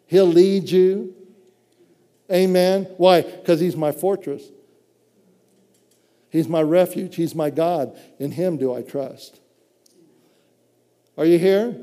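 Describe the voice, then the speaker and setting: Man, preacher, sermon, fervent, high voice, long hall reverb. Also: slow, pauses often, dark tone. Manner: fervent, exclaiming praise between phrases.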